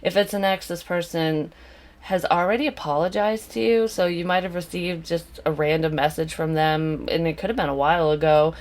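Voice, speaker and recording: Low-voiced blunt woman doing a tarot reading. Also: moderate pace. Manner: blunt, swears freely, drifts into rants. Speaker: psychic tarot reader. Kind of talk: casual tarot reading to camera.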